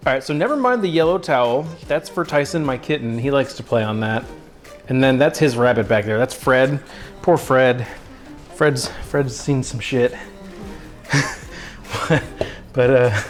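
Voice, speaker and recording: A man's voice: mid-range voice, normal speed, pauses often, soft background music. A man hosting a cooking livestream from his kitchen, chatting casually and self-mockingly and cooing at his dog. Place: home kitchen.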